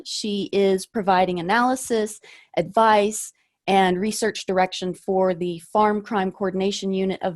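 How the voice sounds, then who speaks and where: Woman moderator introducing speakers. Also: medium pitch. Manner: measured, with occasional fillers.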